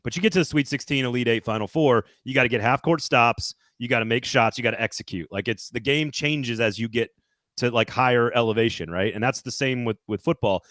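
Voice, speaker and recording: Low-voiced podcast host asking questions. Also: male voice, brisk, a bit bright, dry recording, studio quality. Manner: asks long, rambling questions. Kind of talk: casual sports podcast talk.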